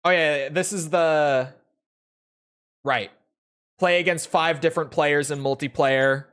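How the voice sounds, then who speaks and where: A man's voice: a little high, takes it slowly, clear, resonant tone. Laid-back young man streaming a game. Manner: relaxed, rambling, frequent "like" fillers, occasional swearing. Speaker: gaming streamer. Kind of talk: casual gameplay commentary to a live chat.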